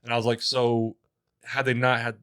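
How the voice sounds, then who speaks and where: A man's voice: medium pitch, completely flat delivery, normal speed, fairly bright tone, smooth, dry recording. A young man co-hosting a podcast, telling stories in a rambling, hesitant way. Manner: rambling, hesitant, many fillers and restarts. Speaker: podcast co-host. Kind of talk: casual chat.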